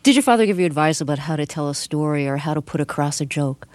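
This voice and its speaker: A radio interviewer asking measured, gently probing questions. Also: medium pitch, lively intonation, dry recording.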